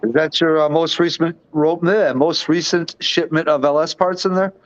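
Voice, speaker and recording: A man's voice: on the high side, steady tone, normal speed, no room sound. A man in a casual group chat, laughing a lot and easily exasperated, heard over dull lo-fi call audio.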